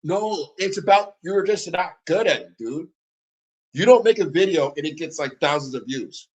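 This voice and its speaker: Combative male streamer, high-pitched, profane, mocking. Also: animated, moderate pace, a little mellow, slightly rough, low-quality recording. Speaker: streamer reacting to a video. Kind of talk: heated reaction commentary.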